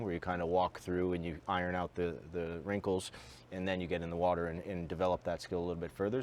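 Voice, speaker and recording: A man with a very low voice speaks quickly, starting hesitantly before settling into a steady flow. Some faint background hiss sits under his voice. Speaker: dive center staff member. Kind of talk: casual staff debrief chat.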